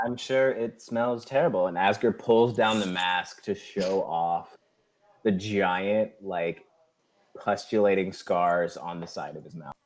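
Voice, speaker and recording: A man's voice: sits low, a little slow. A man playing a tabletop game, casually describing his character's actions. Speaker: player.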